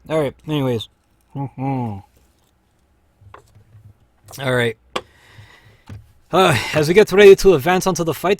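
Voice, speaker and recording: A man hosting a live stream, chatting casually and excitably as he plays, with bursts of cheering and laughter. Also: medium pitch. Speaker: live-stream host playing a game. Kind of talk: casual gameplay commentary. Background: game music.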